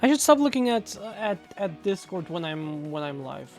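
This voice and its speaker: A woman's voice: fairly low pitch, very animated, faint music behind. A young woman streaming live, chatting casually with viewers, swearing and laughing easily. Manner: loud swearing outbursts and quick laughter.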